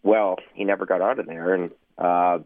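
A man's voice: sits low, fairly even intonation, moderate pace, no room sound. A man, a former sportscaster, telling anecdotes in a rambling way, with lots of fillers and laughing through his stories. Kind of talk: anecdotal storytelling. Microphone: phone line. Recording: tinny phone line.

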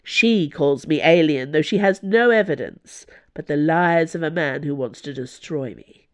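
A woman voicing a scheming, silver-tongued male noble held prisoner, speaking in a measured, wistful way. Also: deep voice, lively intonation.

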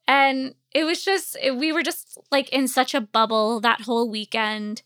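Give me a sleepy woman in her forties telling a personal story, smooth clear voice, close dry mic. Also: fairly high pitch, normal speed, pushed and bright, no room sound. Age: 40s. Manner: candid, rambling, with many fillers. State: sleepy, yawning. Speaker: podcast host.

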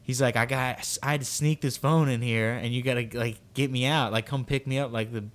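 A young man spins a long, meandering anecdote on a casual podcast. He stacks up fillers and slips into quoted voices as he goes, in a voice of ordinary middle pitch. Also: fairly even intonation, a little fast. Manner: rambling, filler-heavy storytelling with acted quotes. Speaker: podcast co-host. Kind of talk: casual storytelling chat.

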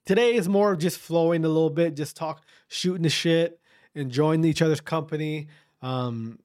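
A man in his thirties hosting a podcast, talking loosely and profanely and often restarting his sentences. His voice sits a little high and sounds dry and close, with no room around it. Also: darkish tone, no echo. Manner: rambling, profane, self-interrupting. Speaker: podcast host. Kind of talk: casual podcast chat.

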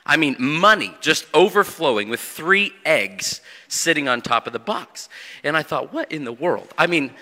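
Guest preacher, man in his 30s, very bright and forceful tone, folksy storytelling, church hall echo. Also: a little high, very animated, normal speed. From Indianapolis area. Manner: folksy storytelling with frequent fillers and restarts. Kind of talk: sermon with humorous stories. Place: church sanctuary. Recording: long church hall reverb.

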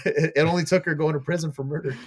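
A man's voice: fairly high pitch, moderate pace, husky. A man on a casual podcast, animatedly retelling a TV plot in a rambling way, full of fillers and casual swearing. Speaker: podcast co-host.

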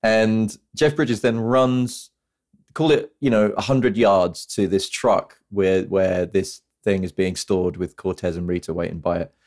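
Man, film podcast host, slightly low voice, casual chat, animated retelling. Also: a little slow.

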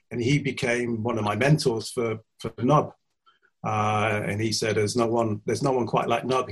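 Man as a relaxed musician guest, husky tone, mid-pitched, talks over a video link. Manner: easygoing, laughs often. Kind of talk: casual interview chat. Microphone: video call.

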